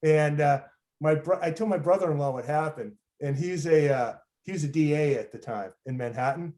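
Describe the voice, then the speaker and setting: A man's voice: on the high side, moderate pace, mellow. Rambling storyteller man from Los Angeles. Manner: rambling, many fillers and restarts. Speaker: storytelling show host. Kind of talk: live personal storytelling. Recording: roomy echo.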